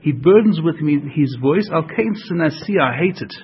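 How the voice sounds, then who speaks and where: A Torah teacher gives an earnest religious lesson, repeating and rephrasing each point as he explains it. His fairly high, slightly rough voice is animated and moves at normal speed, heard on a dull lo-fi recording.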